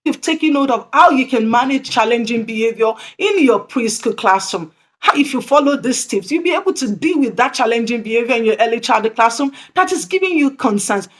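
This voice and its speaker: A woman's voice: a little high, animated, brisk, a little hiss or hum. A woman presenting tips to early childhood educators, earnest and repeating her key points. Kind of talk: instructional talk to camera.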